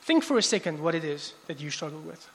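A man preaching a sermon in a church hall, casual and conversational, often restarting his phrases. His voice sits high for a man, and the hall lends it a long, lingering reverb. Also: fast. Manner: conversational, many restarts, animated asides.

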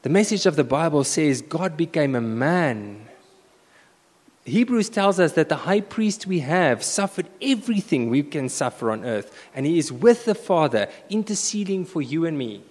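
Brief: animated male preacher, rather high voice that leaps about, long hall reverb. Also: normal speed. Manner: animated storytelling, swinging between loud bursts and hushed asides. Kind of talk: sermon with personal story.

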